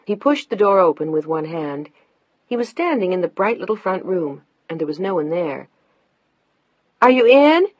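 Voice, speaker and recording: A woman narrating a novel in a steady, scripted way that turns hushed in tense moments. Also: lowish voice, moderate pace, dry recording, dull audio. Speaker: audiobook narrator.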